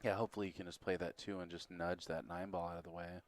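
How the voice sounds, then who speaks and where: A man handles play-by-play at a pool tournament in a very deep voice. He talks at an even, steady pace and keeps explaining the bracket, the stakes and the score. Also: fast. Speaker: pool commentator. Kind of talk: play-by-play commentary.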